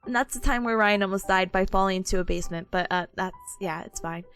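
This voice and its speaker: A woman's voice: mid-range voice, fast talker, a bit bright, soft background music. A woman in her twenties streaming, chatting casually with viewers, giggling often and reading chat aloud.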